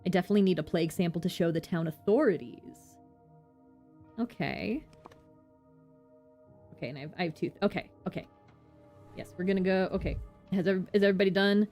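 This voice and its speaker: Excitable woman streaming a game. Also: lowish voice, a little fast, long pauses, faint music behind. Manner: excitable, exclaiming, swears. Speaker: vtuber streamer. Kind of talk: casual game stream commentary.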